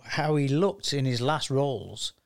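A man's voice: medium pitch, lively intonation, a little slow, creaky, no room sound, clean studio sound. A man hosting a casual film chat, teasing his co-hosts and keeping the talk moving. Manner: teasing, drives the conversation. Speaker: podcast host.

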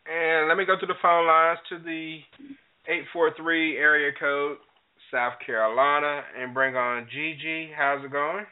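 A man hosting a call-in talk radio show, giving lively, lecturing commentary. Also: fairly high pitch, measured pace, clean tone. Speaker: radio host. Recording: tinny phone-like sound.

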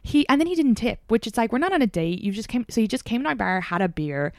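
A young Irish woman hosting a podcast, telling candid stories in a casual, animated way with plenty of swearing. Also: on the high side, fast, dry recording, studio quality. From Ireland. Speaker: podcast host. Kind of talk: casual chat.

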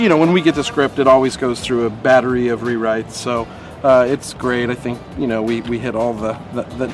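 A man, an actor guest, talking casually and playfully in an interview, laughing at his own jokes. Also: medium pitch.

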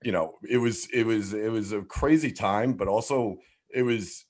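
A man's voice: lowish voice, normal speed, a little mellow. A man, telling rambling, profane stories as a podcast guest. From Philadelphia, USA. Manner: rambling, heavy swearing, lots of "like" and restarts. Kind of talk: casual storytelling in a podcast interview.

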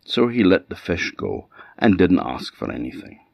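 A man with an Orkney accent from Scotland telling a folktale in a lively, animated oral style. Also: sits low, moderate pace, vocal fry, dry recording. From Orkney Islands, Scotland. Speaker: storyteller. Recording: dull lo-fi sound.

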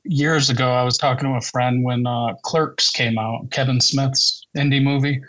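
Regular mid pitched guy telling a story on a podcast, easygoing, swears a bit. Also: moderate pace, low-quality recording. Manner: anecdotal, relaxed, casual swearing. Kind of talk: casual podcast discussion.

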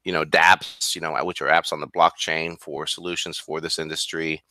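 Deep, bright-toned man with many fillers. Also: flat delivery, moderate pace. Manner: hesitant, lots of fillers and restarts. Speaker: co-host. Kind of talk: casual talk show chat.

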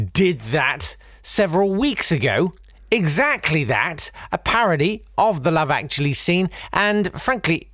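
A man hosting a casual solo podcast, wry and rambling, with big swings in pitch. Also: fairly bright tone, no room sound, clean studio sound. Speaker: podcast host.

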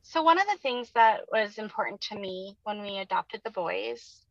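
Gravelly-voiced woman interview guest. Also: mid-range voice, lively intonation, normal speed, dry recording, lo-fi sound. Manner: thoughtful, searching for words. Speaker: interview guest, adoptive mother. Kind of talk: casual interview chat.

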